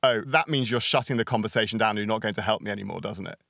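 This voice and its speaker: A man's voice: on the low side, racing, vocal fry, fairly bright tone, no echo, studio quality. A man hosting a podcast, chatting in a wry, easygoing way and laughing often. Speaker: podcast host. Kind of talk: casual chat.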